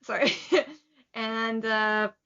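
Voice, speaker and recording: A woman's voice: a little high, fairly even intonation, a bit bright, clear, resonant tone. A woman co-hosting a podcast, recapping a manga chapter in a chatty, enthusiastic way with lots of "like" fillers. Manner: chatty and enthusiastic, many "like" fillers, quick laughs. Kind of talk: casual chat. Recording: slightly muffled lo-fi audio.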